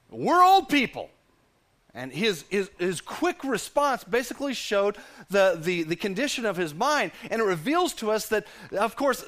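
A male pastor preaching a sermon with animated storytelling, often stumbling and repeating words. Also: fairly high pitch.

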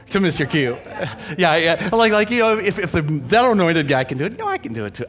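A man's voice: fairly high pitch, a little fast. A man pastoring a church, energetically leading his congregation from the platform before introducing a guest speaker. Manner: energetic, rallies the congregation to read aloud.

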